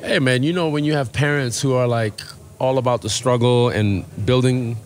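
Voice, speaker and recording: A man's voice: mid-range voice, normal speed. A man in his thirties with a mixed American and South African accent, chatting casually as a podcast guest and telling stories in a loose, rambling way. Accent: mid-Atlantic mix of American and South African. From born in South Africa, raised in the US. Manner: relaxed, rambling storyteller with many fillers. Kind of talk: casual interview chat. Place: podcast studio.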